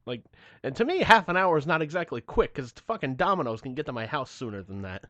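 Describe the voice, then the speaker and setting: A man's voice: on the high side, very animated, brisk, fairly bright tone, no echo, highs cut off. Male podcast host, dry close sound, swearing and fed up as he tells his story. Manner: profane, exasperated storytelling. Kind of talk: casual chat.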